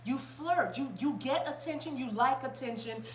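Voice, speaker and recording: A woman with a fairly high voice gives a lively, chatty spiritual reading. She talks to her viewers with plenty of energy. Her voice rings in a roomy space over a faint hum. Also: normal speed. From South Carolina, US. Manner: animated, chatty, bursts into laughter and song. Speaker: spiritual reader. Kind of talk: casual spiritual reading to camera.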